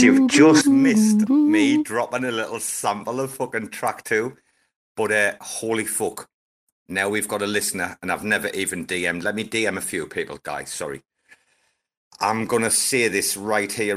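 A man's voice: lowish voice, expressive, moderate pace. A man hosting a casual live audio-room chat, rambling, swearing heavily and hyping things up. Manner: profane, rambling, hyped-up. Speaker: host.

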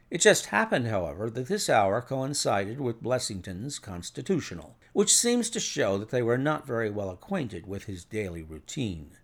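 A man doing a sure, gravelly detective. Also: lowish voice. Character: sharp, confident male detective.

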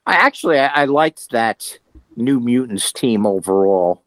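A man co-hosting a podcast in casual chat, talking in halting, restarting sentences. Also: medium pitch, animated, fairly bright tone, no echo, rough recording. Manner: hesitant, restarts and trailing thoughts. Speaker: podcast co-host.

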